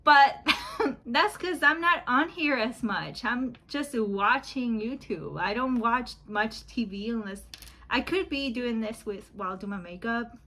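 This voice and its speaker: At home with her phone's rear camera rolling, a beauty vlogger in her thirties does her makeup while rambling casually and laughing a lot. Her voice is fairly high, bright and forceful at an unhurried pace, with slight background noise in a rough recording.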